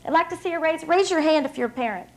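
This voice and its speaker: Woman in her thirties from West Virginia, high and bright; upbeat, emphatic storyteller giving a podium speech. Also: animated, fast, rough recording. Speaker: hall of fame speaker. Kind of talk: public speech. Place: stage at an evening banquet.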